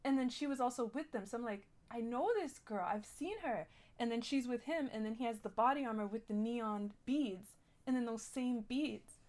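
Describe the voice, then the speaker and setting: A woman's voice: on the high side, a little fast, a little mellow. A young woman telling a rambling, shaken story in character during a role-play game, full of "like" and restarts.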